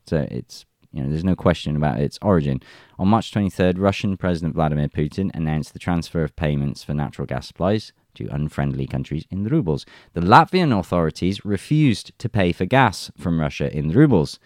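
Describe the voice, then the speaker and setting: A man's voice: low voice, lively intonation, brisk, darkish tone, dry recording, clean studio sound. A man reading news reports aloud and adding wry, chuckling remarks in casual commentary. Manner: reads reports then jokes and chuckles.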